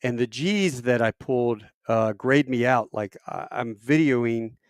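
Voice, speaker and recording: A middle-aged man tells a story from his service days in a casual, rambling way. He is animated and self-mocking, and his voice sits in a middle range. The sound is close and dry, with no room around it. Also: unhurried, no echo. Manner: animated, acts out quoted voices with big pitch jumps; self-deprecating, rambling with fillers. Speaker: military veteran storyteller.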